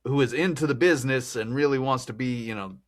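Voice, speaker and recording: Talking fast in a mid-range voice, this podcast host chats about a film in a casual, rambling way and laughs frequently.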